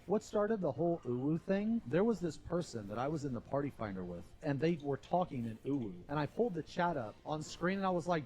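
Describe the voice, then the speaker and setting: A man streamer telling stories in casual live-stream chat, animated and swearing freely. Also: fairly high pitch, a little fast, hardly any pauses.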